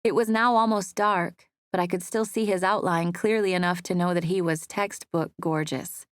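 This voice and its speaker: Soft-spoken woman reading a romance audiobook. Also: fairly low pitch, steady tone, moderate pace, clear, resonant tone, no echo, clean studio sound. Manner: soft, intimate storytelling. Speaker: audiobook narrator. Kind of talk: first-person romance audiobook narration. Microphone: close studio mic.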